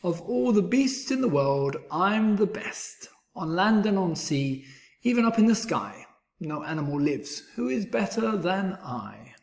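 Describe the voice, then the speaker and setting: A man voicing a proud, boastful male rabbit in a storybook read-aloud, bragging loudly. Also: lively intonation, a little slow, gravelly. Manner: bragging, loud and high.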